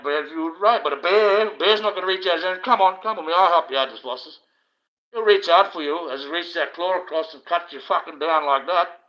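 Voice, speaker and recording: A man's voice: fairly high pitch, a bit bright. Ranting man, profane and rambling. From Australia. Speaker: livestream host. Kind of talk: ranting monologue. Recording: dull lo-fi stream audio.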